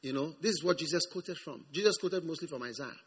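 A man preaching a sermon with emphasis, repeating words and swinging from hushed reading to shouted lines. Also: on the high side, quick pace, slightly rough. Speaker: pastor.

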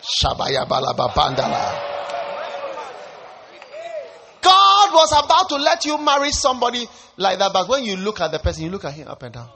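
Man, pastor, sermon, bright tense voice, faint background noise. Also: high-pitched, wildly swooping pitch, fairly quick. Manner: preaching with rising shouts and playful asides.

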